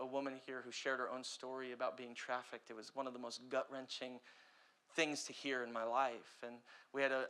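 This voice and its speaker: Bright-voiced impassioned male pastor preaching. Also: mid-range voice. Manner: impassioned preaching with big swings between loud and quiet. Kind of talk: sermon.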